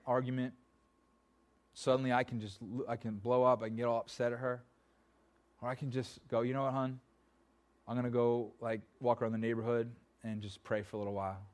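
Man preaching in a conversational style. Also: medium pitch. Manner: conversational preaching, dropping to soft pleading then rising. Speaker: pastor. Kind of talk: sermon. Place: church.

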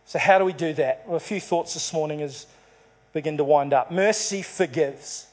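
High-voiced man preaching a sermon. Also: normal speed. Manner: storytelling, acts out dialogue in the parable. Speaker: pastor.

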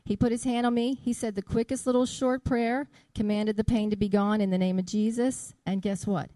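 A middle-aged woman giving an earnest testimony about her healing, reading scripture slowly and deliberately. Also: mid-range voice, fairly even intonation, mellow, dry recording. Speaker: church member giving a testimony.

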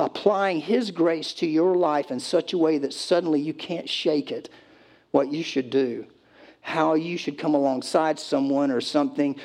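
Male pastor, slightly high voice, conversational preaching with playful acted-out voices. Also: gravelly, darkish tone. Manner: conversational preaching, acts out pleading voices, loose restarts. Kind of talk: sermon.

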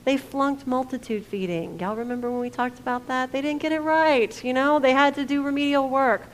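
A woman pastor, preaching a conversational sermon that asks the congregation questions and drops to a hush for quoted lines. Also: sits high, brisk, a little hiss or hum.

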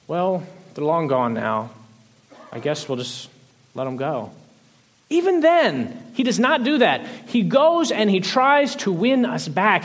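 A man preaching a sermon, retelling a Bible story in a lively, conversational way, often restarting phrases and letting sentences trail off softly. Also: high-pitched. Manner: animated storytelling, frequent restarts, soft trailing endings. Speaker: pastor.

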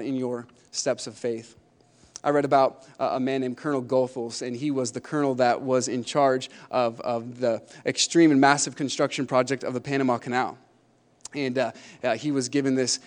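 A young man preaching a sermon, animated and emphatic, building to loud climaxes. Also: on the high side. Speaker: pastor.

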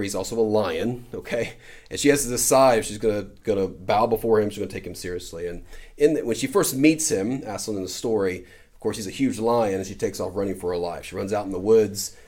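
A man's voice: fairly low pitch, a little mellow. A man preaching as a pastor in a conversational way, often adding "right?" as he goes. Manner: conversational, with frequent "right?" tags. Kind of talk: sermon.

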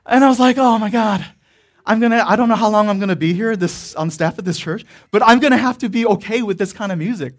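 A man's voice: high voice, quick pace. A man preaching a sermon in a casual, rambling storytelling way, full of fillers and breaking into laughter. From Korean church background. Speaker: pastor.

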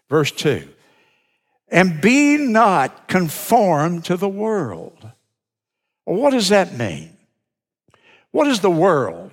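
A man preaching a sermon as pastor, emphatic and repeating key phrases for weight. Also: fairly high pitch. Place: church sanctuary. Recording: broadcast sermon with long hall reverb.

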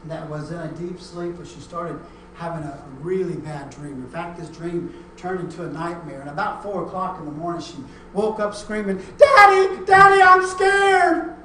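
A middle-aged pastor delivers a sermon in a church sanctuary, slipping from gentle storytelling into loud, emphatic preaching. The voice is distant from the mic and washed in heavy room echo, with a faint ambient hiss behind it, and the delivery is unhurried. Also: mid-range voice. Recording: echoey room, mic far off.

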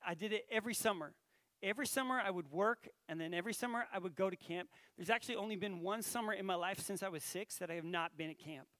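A high-voiced man preaches in a relaxed, conversational way, turning to his listeners with questions as he tells a story. The recording is dry and close. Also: fast, no echo. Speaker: pastor. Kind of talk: sermon.

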